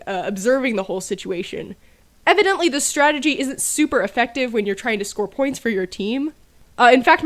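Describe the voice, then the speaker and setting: A woman telling a casual story about her childhood with dry, self-mocking humor. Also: on the high side. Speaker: storyteller over gameplay.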